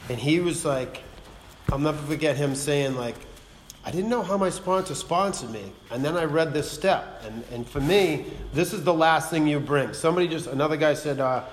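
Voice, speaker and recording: A man's voice: on the high side, normal speed. A man, telling his story to a recovery meeting in a blunt, profane, rambling way that keeps circling back to "you know what I mean.". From Massachusetts. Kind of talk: personal testimony to a group. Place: meeting room. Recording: long hall reverb, faint noise.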